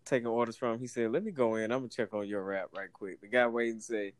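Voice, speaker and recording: A man's voice: medium pitch, normal speed, no room sound. A man, casually telling a story, acting out the people in it and laughing often. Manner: animated, acts out voices in anecdotes, laughs often.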